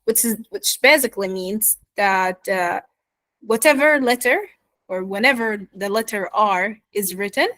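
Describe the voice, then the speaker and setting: A woman teaching pronunciation in an online lesson, modeling words slowly and checking in with her students. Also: medium pitch, a bit bright, no room sound, rough recording. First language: Arabic. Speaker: accent teacher.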